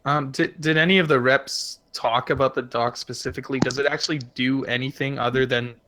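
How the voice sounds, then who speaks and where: A man's voice: mid-range voice, steady tone, a little fast. A man in a casual chat who makes technical, analytical points. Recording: clear background noise.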